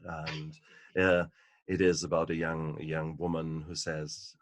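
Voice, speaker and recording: A man and book author in an interview conversation, telling stories in an animated, emphatic way. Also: very deep voice, takes it slowly, no room sound. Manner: animated storyteller, emphatic and repetitive.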